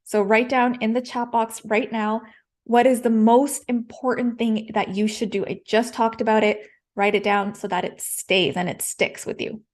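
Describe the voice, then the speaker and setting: A woman's voice: fairly high pitch, steady tone, normal speed. A woman coaching public speaking in a live-streamed lesson, direct and encouraging, repeating her key points.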